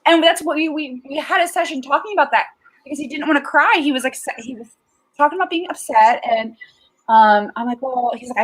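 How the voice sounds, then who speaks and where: Heard through a rough recording, this woman speaks quickly in a high-pitched voice. She's a therapist guest in a casual chat, warmly and easily explaining feelings and laughing often.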